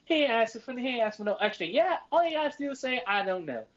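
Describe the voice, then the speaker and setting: Young male podcast co-host, animated and profane, dull lo-fi audio. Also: very high voice, rapid-fire. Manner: loose, profane storytelling with acted-out quotes. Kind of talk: casual podcast chat.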